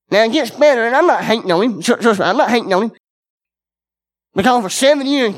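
A man preaching a sermon, earnest and conversational, speaking directly to his congregation and repeating key words for emphasis. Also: very high-pitched.

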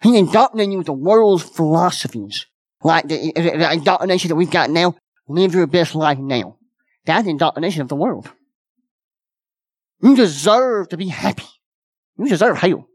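A man's voice: fairly high pitch, expressive, moderate pace, breathy edge, no room sound. A man preaching a sermon as pastor, folksy and repetitive, with many restarts.

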